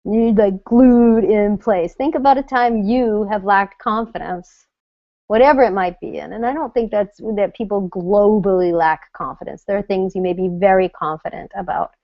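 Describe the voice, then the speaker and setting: A middle-aged woman coaching an online audience on confidence, animated and now and then acting out nervous inner voices. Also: medium pitch, normal speed, dry recording, highs cut off. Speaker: confidence coach hosting a live web session.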